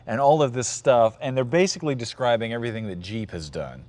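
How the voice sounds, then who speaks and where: Animated, laughing male podcast host. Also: fairly quick. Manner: animated, laughing often, mocks quotes in a deep announcer voice. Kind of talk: casual podcast monologue.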